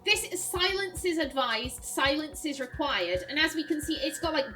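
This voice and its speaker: A woman's voice: sits high, expressive, normal speed, sharp tone, faint music behind. A woman hosting a puzzle game let's play, reading clues aloud and musing as she works them out, laughing easily.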